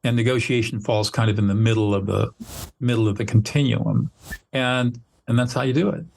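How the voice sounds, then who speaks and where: This older man is a mediator and trainer being interviewed, and he explains his approach conversationally, earnest and instructive, occasionally performing example dialogue. His medium-pitched voice is creaky and darkish, fairly even in intonation and a little fast, with slight background noise.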